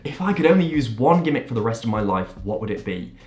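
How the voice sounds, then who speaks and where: An enthusiastic man hosts his own magic channel, answering viewer questions with emphatic energy. His voice sits at an ordinary middle pitch. The recording has a noticeably roomy echo. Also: very animated, fast talker, darkish tone. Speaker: magician and video host.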